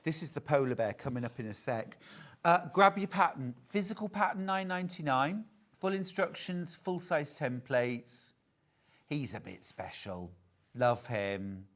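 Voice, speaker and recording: A man's voice: fairly high pitch, sing-song, normal speed, a bit bright. A man presenting a live sewing shopping show in a chatty, playful sales patter.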